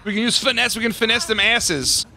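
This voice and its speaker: A man giving casual, excitable gameplay commentary as a gaming YouTuber, swearing and laughing often. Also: high voice, brisk, slight background noise.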